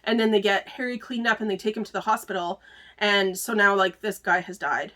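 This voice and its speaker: A woman's voice: mid-range voice, fairly even intonation, brisk, pushed and bright. A woman hosting a book club video, chatting casually through a book review with plenty of filler words and easy laughter.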